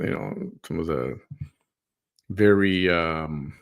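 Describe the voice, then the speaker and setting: Stream host, man, very low voice, dry sarcastic chat. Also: animated, unhurried, long pauses, fairly bright tone. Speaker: livestream host. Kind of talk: casual chat.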